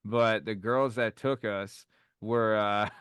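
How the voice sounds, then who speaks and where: A man in his thirties, a podcast host, telling a story in casual chat and acting out the people in it with sudden jumps in pitch. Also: slow pace, clean tone, no room sound. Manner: animated, acts out quoted voices with big pitch jumps.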